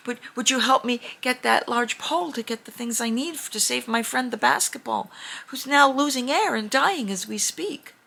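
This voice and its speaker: A woman's voice: on the high side, normal speed, gravelly, pushed and bright, full character voice. A woman voicing a brave little girl in a storybook, speaking in an earnest, pleading way.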